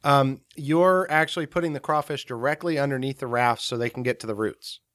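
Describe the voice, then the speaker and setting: A man's voice: medium pitch, brisk, fairly bright tone, dry recording, studio quality. A man co-hosting a podcast, chatting casually and checking that he understands what was said. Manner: checks his understanding, easygoing. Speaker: podcast co-host. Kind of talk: casual chat.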